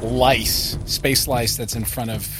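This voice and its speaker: A man playing a tabletop role-playing game, casually working through the rules out loud. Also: medium pitch, steady tone, slow, over music. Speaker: player.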